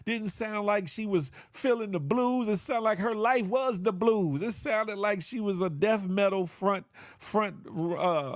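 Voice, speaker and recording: A man's voice: high voice, dry recording, clean studio sound. A man hosting a live online show, chatting casually with viewers in a loose, joking way, full of slang and sound effects. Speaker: livestream show host.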